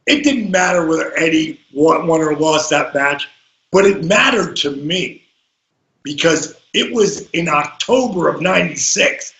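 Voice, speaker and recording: A man with a high voice tells wrestling-road stories as a podcast guest, acting out every quote. He drops to a hush, then bursts out loud. The room around him rings with echo. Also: highs cut off. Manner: acts out quotes, swings between hushed and shouted. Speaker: guest, former pro wrestler. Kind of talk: animated storytelling in a podcast. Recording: roomy echo.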